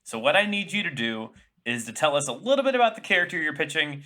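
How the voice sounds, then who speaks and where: A man's voice: a little high, sing-song, fast, bright, forceful tone. A man hosting a casual, comedic podcast chat, upbeat and jokey as he moves things along. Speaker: podcast host.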